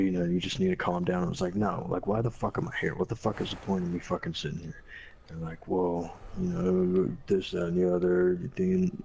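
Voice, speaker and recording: Low gravelly man telling a blunt story. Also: darkish tone, slight background noise, low-quality recording. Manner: profane, blunt, quoting others animatedly. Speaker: former Marine telling a story. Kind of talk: casual storytelling.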